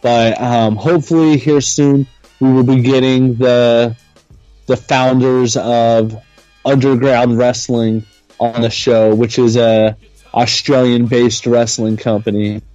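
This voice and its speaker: A man hosting a wrestling podcast in casual chat, giving upbeat shout-outs and show updates. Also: medium pitch, little pitch movement, takes it slowly, dry recording, faint music behind. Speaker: podcast host. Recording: dry, slightly dull sound.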